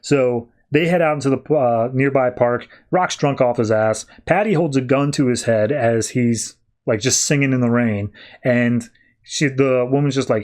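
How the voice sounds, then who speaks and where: A man, hosting a podcast, casually recapping a comic with quick, animated character voices. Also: medium pitch. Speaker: podcast host.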